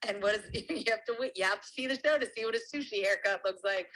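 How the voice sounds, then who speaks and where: Bright-voiced woman telling a story. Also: mid-range voice, fast, rough recording. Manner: lively, animated storytelling with laughs. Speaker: guest sharing a story. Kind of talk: casual storytelling.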